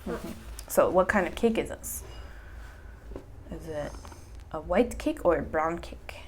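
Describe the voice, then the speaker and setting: A woman teacher doing a read-aloud storytime, animated and chatting with a child. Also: sits low, unhurried, a little hiss or hum. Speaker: English teacher.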